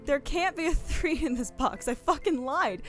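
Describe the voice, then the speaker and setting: Excitable, cursing woman streamer. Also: sits high, moderate pace, soft background music. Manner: profane, excitable, apologetic. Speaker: streamer and co-host. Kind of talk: casual game commentary.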